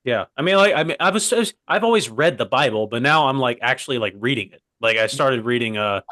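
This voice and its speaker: A man's voice: medium pitch, lively intonation, brisk, sharp tone, dry recording, clean studio sound. A young man co-hosting a casual comedy podcast, rambling from one digression to the next. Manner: rambling, digressive, keeps saying "by the way". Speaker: co-host.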